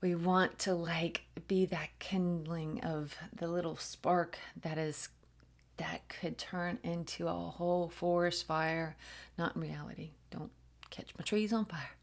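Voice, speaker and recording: Slow, giggly woman giving a channeled reading. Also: lowish voice, steady tone. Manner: playful, giggly, drifting into soft whispers. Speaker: spiritual reader.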